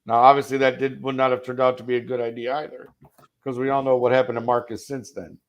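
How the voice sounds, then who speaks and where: A man's voice: mid-range voice, flat delivery, fast. A man hosting a casual football talk show, asking long rambling questions with jokes. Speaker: football podcast host. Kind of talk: casual sports chat.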